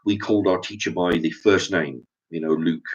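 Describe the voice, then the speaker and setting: A man's voice: deep voice, fairly even intonation, moderate pace. Middle-aged man, English accent, opinion rant, stammering restarts, swearing, muffled lo-fi sound. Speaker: vlogger. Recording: dull lo-fi recording.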